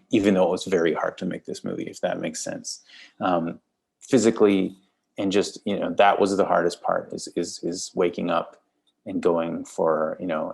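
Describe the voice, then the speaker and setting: In a casual interview, a male film director with a Canadian accent rambles and repeats words while thinking, laughing between ideas. His low voice is creaky, slightly rough, and a bit mellow.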